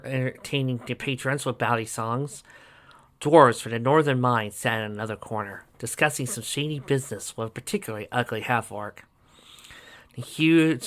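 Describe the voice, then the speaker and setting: A steady, even narrator reads a fan fiction story aloud. The voice is bright and forward, with a plain storytelling delivery. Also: mid-range voice. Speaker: reader.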